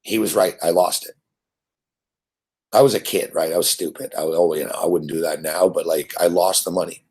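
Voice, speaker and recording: Husky low-voiced man ranting. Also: steady tone, fairly quick, a little mellow. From Montreal, Canada. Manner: rambling, profane, repeats himself. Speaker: host. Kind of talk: profane storytelling rant.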